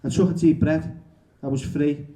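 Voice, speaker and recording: A male author reading his memoir aloud at a bookshop event, halting and correcting himself as he goes. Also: fairly high pitch, steady tone, dark tone. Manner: halting, restarts and self-corrections.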